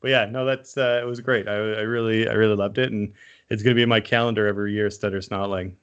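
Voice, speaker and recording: A man from Canada co-hosting a casual podcast, animated, swearing freely and laughing often. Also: fairly low pitch, fast, clear, resonant tone, muffled recording. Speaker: podcast co-host.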